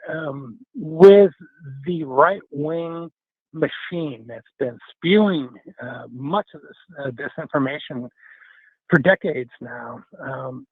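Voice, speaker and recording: Radio caller, man, earnest and halting, tinny phone-line sound. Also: fairly high pitch, slightly rough, dry recording. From Wisconsin. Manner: earnest, halting, many fillers. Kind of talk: call-in radio comment.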